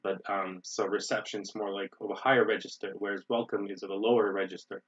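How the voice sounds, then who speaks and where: A man from the USA with an American accent, teaching an online webinar lesson in an explanatory way, often checking in with "right?" and pausing with "um". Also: fairly low pitch, little pitch movement, far from the mic, lo-fi sound. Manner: explanatory, frequent "right?" and "um" fillers. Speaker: English teacher.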